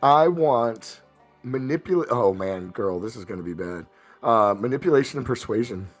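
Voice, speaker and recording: A man's voice: medium pitch, lively intonation, moderate pace, soft background music. A man narrating as game master of a tabletop role-playing game, teasing his players and laughing often.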